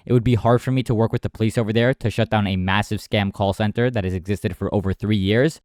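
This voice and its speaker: A man's voice: fairly low pitch, a little mellow, no echo, clean studio sound. A man hosting and narrating an online video, who talks brashly and confrontationally on scam calls. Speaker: scambaiter host.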